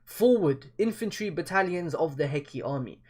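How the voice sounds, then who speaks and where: A man's voice: fairly high pitch, lively intonation, normal speed, darkish tone. A man reading the lines of an earnest, proud male general rallying his troops in a formal, resolute manner.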